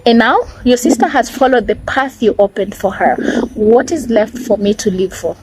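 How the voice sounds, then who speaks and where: A woman's voice: a little high, moderate pace, background noise, lightly acted. A woman voicing a bitter, scolding older Nigerian mother in a Nigerian accent, reading dramatically from a book. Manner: reproachful, preachy, cutting.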